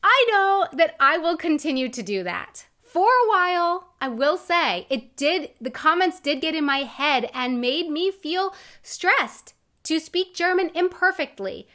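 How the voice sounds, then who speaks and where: A woman's voice: very high voice, lively intonation, a little slow, pushed and bright. A young woman vlogger talking to camera in an earnest, encouraging way. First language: English. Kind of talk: casual talk to camera.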